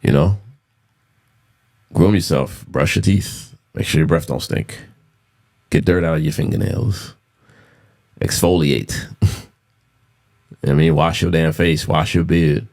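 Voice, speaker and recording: A man's voice: rumbling low, a little slow, gravelly, long pauses, darkish tone. A man in his thirties hosting a casual solo podcast, blunt and profane, repeating himself for emphasis. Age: 30s. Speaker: podcast host.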